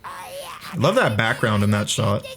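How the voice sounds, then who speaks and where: A young man giving excited, rambling commentary on his own video, swearing freely and laughing often. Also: fairly low pitch, measured pace.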